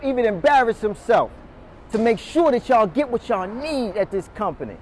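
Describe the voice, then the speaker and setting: High-voiced man firing up a sales team. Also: normal speed, slight background noise. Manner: energetic, calls on the audience, quizzes the room. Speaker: motivational speaker. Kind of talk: motivational talk to a sales team. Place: meeting room with a live audience.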